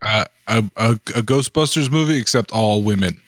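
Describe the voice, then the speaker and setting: A man's voice: lowish voice, moderate pace, no echo, clean studio sound. A man co-hosting a podcast, teasing playfully and putting on mock announcer voices. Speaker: podcast co-host. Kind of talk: casual chat, joking banter.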